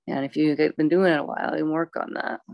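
A woman teaching a yoga class, calmly cueing poses and breaths with chatty asides. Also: deep voice, fast talker, vocal fry, no echo. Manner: calm, instructive, chatty asides.

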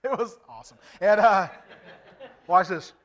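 A man's voice: sits high, expressive, unhurried. Earnest evangelist man telling his testimony. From Indiana, USA. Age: 40s. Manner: earnest storytelling, acts out dialogue. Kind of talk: preaching a personal testimony. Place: church service.

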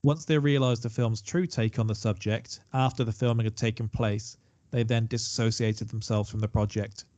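A man's voice: medium pitch, fairly even intonation, moderate pace, dark tone, no room sound, muffled recording. A man co-hosting a casual film chat, chatty and digressive, given to self-deprecating asides. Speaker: podcast co-host.

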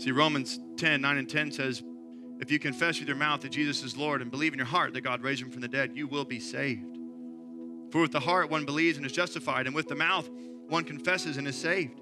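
A man's voice: medium pitch, fairly even intonation, brisk, over music. A man in his thirties, a pastor giving an earnest, conversational sermon. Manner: earnest, conversational preaching that rises to impassioned.

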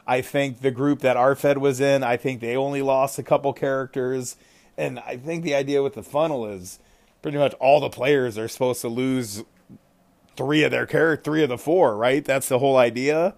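A man hosting a casual podcast chat, talking in an animated way with frequent fillers and exclamations. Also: medium pitch, normal speed, creaky.

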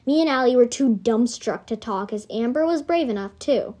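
Rambling woman storyteller, high voice. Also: expressive, normal speed, darkish tone. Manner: rambling, self-correcting asides. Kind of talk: reading a homemade story.

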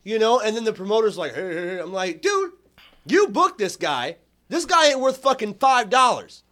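A man hosting a podcast, telling a wrestling story in a profane, animated, joking way. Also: high-pitched, normal speed. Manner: profane, animated, laughs often. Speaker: podcast host, former wrestling manager. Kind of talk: casual storytelling chat.

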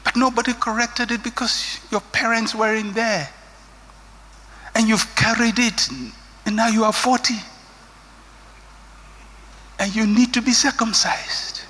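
A man's voice: extremely high pitch, level tone, unhurried, pauses often, pushed and bright. A man preaching a sermon with an emphatic, rising and falling cadence. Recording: long hall reverb.

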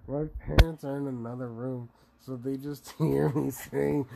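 A man's voice: medium pitch, steady tone, slow, vocal fry, long pauses, warm tone, slight background noise. A young man at home giving casual, profane commentary, ranting with laughs and exasperation. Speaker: video commentator. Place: home room.

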